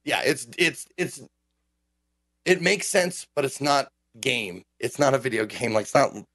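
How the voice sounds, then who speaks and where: A man's voice: medium pitch, moderate pace, no echo. A man who streams games, ranting in a casual podcast chat and swearing often. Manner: animated ranting, frequent swearing. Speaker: game streamer.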